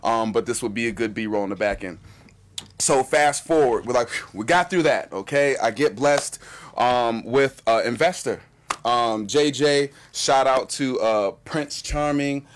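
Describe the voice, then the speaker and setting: A man telling a personal story in casual chat, animated and acting out what people said. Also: mid-range voice. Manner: animated, fast-talking storyteller acting out quotes.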